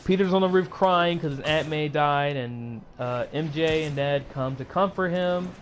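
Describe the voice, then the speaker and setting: A man giving a casual, excitable movie recap on his channel, rambling with lots of fillers and restarts. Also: fairly high pitch, normal speed, slight background noise. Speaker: YouTuber.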